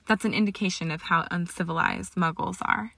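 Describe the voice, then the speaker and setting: A woman's voice: on the low side, fairly even intonation, a little fast, vocal fry, fairly bright tone, no echo. A woman voicing a haughty, scornful young male wizard who speaks in a curt, dismissive way.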